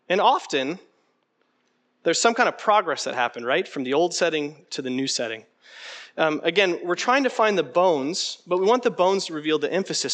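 A man leading an interactive teaching session, conversational and animated, often putting questions to the room. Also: high-pitched. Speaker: preaching workshop instructor.

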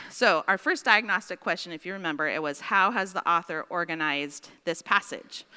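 A woman teaching a Bible study class, dictating slowly with repeated phrases and checking in with her listeners. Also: fairly low pitch, sharp tone, clear, resonant tone. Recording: long reverb in a large room.

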